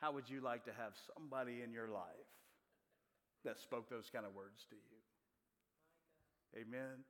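A man's voice: medium pitch, fairly even intonation, unhurried, pauses often, a bit bright. A male preacher delivering a sermon, asking the congregation questions as he goes. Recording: long reverb of a large hall.

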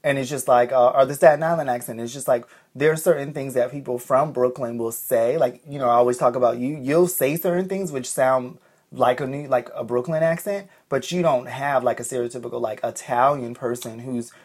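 A woman from Boston co-hosting a casual chat, relaxed and thoughtful, often agreeing. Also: very deep voice, brisk. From Boston, USA.

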